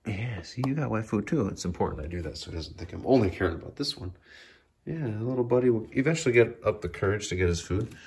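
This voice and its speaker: Filming his cats at home near a sliding door, a man speaks quickly and in an animated way with a lowish voice, and there is noise in the background. He uses coaxing baby talk with the pets and frequently lowers his voice to a whisper.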